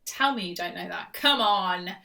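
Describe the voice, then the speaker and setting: A quiz host on a live stream reads out questions and repeats them, chatty and teasing, her voice distant from the mic. It sits on the low side, with lively intonation, a creaky, bright and forceful quality, and a moderate pace.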